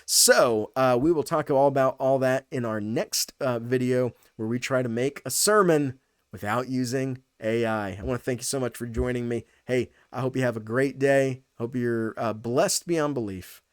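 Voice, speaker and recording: A man's voice: mid-range voice, moderate pace, smooth, no echo, clean studio sound. A man, a pastor, teaching a Bible passage in a casual video, thinking aloud with fillers and restarts.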